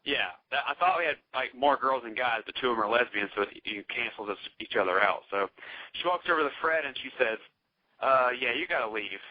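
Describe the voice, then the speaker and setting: Profane, animated male storyteller, dull audio. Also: mid-range voice, brisk, no echo. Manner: animated, profane, acts out quoted voices. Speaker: podcast guest. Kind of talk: casual storytelling. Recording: dull, dry lo-fi podcast audio.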